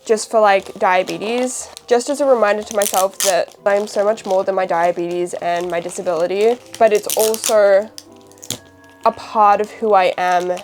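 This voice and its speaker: A woman's voice: mid-range voice, steady tone, normal speed, slight background noise. A young Australian woman in casual, rambling chat as a vlogger, wrapping presents while she talks.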